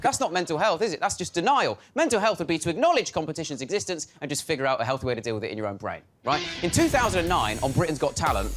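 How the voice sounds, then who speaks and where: Male stand-up, animated and punchy, a little high-pitched, music bed underneath. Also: very fast, few pauses. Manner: animated, swings into loud shouted impressions. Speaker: stand-up comedian. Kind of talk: stand-up comedy set.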